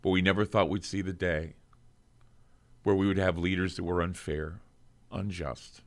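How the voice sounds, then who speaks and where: Deep-voiced man, earnest host monologue. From United States. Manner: heartfelt, earnest. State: choking up. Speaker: radio show host. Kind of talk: emotional monologue to viewers.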